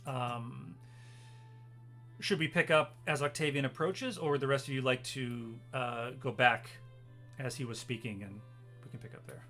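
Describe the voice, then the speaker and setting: A man's voice: mid-range voice, moderate pace, bright, forceful tone, faint music behind. A man narrating as game master of a tabletop game, hesitant and full of fillers. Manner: hesitant, full of ums and uhs.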